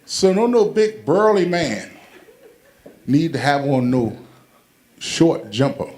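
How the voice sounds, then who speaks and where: A stand-up comic rambles through his set and keeps breaking into laughter at his own material. His voice sits a little above the usual pitch for a man. The live room gives everything a roomy echo. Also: very animated, takes it slowly, a little mellow. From Brooklyn, New York. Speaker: stand-up comedian. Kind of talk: stand-up comedy routine. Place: comedy event venue.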